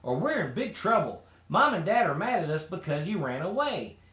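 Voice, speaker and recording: A man's voice: high-pitched, big pitch swings, normal speed, a bit bright. A man reading aloud as a bossy, mocking older sister who teases her younger sibling, in a roomy, echoey space. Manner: mocking, sly. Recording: roomy echo.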